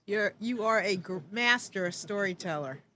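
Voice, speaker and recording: A woman hosting an interview, praising her guest and then asking halting, rephrased questions. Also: mid-range voice, lively intonation, sharp tone, a little hiss or hum. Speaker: host.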